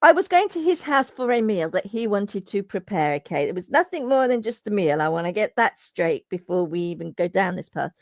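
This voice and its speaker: A woman's voice: mid-range voice, sing-song, fairly quick, hardly any pauses, dry recording, clean studio sound. A woman hosting a game stream, telling rambling stories in casual chat and reading viewer comments aloud. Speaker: streamer host.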